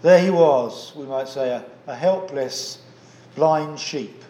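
A man preaching a sermon in a measured, earnest way, pausing often with "uh" fillers. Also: medium pitch, dark tone, echoey room.

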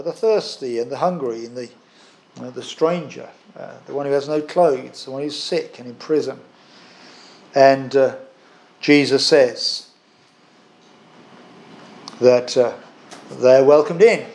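A man preaching a sermon in an earnest, explanatory way, often pausing with fillers and restarts. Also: medium pitch, darkish tone.

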